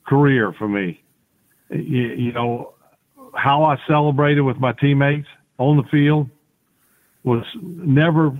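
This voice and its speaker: A man, a former quarterback, telling rambling, folksy stories with many restarts as a podcast guest. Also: medium pitch. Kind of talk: casual interview storytelling. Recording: tinny phone-like audio.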